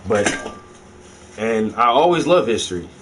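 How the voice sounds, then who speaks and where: A man from South Carolina, talking casually in an excitable, profane monologue full of slang. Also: on the low side, a little slow, slight background noise. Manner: profane, excitable, peppered with "yo" and "bruh". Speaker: host.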